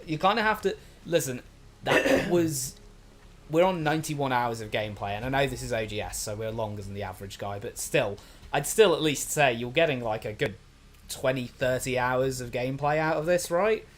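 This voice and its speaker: A man's voice: medium pitch, normal speed. A man co-hosting a casual gaming stream, who jokes and gets exasperated. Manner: joking, exasperated, animated. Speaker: stream co-host.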